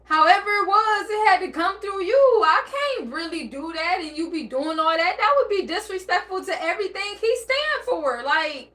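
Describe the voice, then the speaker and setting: A woman's voice: extremely high pitch, very animated, moderate pace, few pauses, pushed and bright. A woman vlogger speaking in an emotional, blunt and profane personal monologue, acting out bits of dialogue. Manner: emotional, near tears and laughing by turns.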